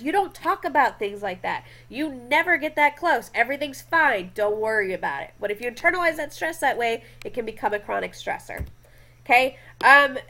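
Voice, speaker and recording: Brief: young woman, high voice, chatty lecturer working through slides, keeps checking in with the class. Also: a bit bright. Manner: chatty, often checks in with "okay?".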